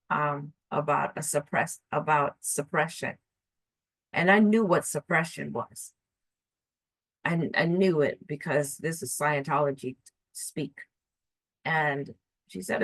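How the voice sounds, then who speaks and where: A woman telling a personal story in an earnest, halting way, often restarting and repeating her words. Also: low-pitched, no echo, poor audio.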